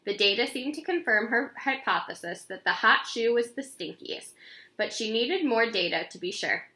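Lively bright woman reading aloud. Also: a little high, moderate pace, reverberant. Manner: expressive, animated read-aloud with character voices. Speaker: children's book reader. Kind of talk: reading a chapter book aloud.

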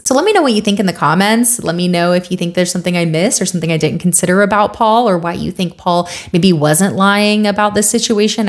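A woman talking casually to camera in a commentary vlog, conversational and wry, with many fillers. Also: on the low side. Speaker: video creator.

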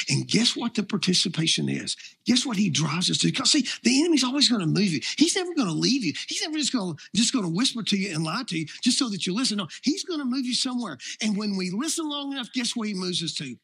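High gravelly guy preaching hard, pushes every point. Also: sharp tone. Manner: emphatic preaching with rising intensity. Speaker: pastor. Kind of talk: sermon.

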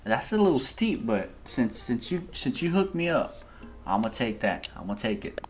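A man hosting a gaming video, giving excitable, slangy let's-play commentary straight to his viewers. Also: medium pitch, moderate pace. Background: game music.

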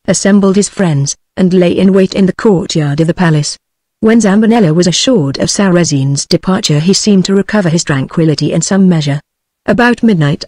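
A text-to-speech woman's voice with a British English accent, reading a classic novel aloud in an even, machine-read manner. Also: lowish voice, no echo. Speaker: narrator. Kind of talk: synthetic audiobook narration.

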